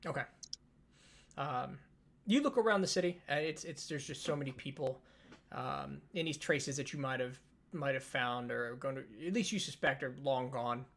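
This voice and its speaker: Gravelly-voiced male game master. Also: mid-range voice, normal speed. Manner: casual, many fillers, relaxed. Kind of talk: narrating a tabletop game.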